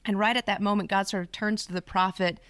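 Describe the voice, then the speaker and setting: A woman biblical scholar in casual panel talk, lively and dramatizing quotes with sudden jumps in pitch. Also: fast, no room sound. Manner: animated, acts out quoted voices with big pitch jumps.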